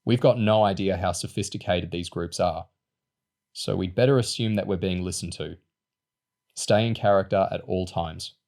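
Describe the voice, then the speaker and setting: A man voicing a calm, matter-of-fact teenage boy on a mission. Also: sits low, moderate pace. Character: cool-headed teenage boy agent.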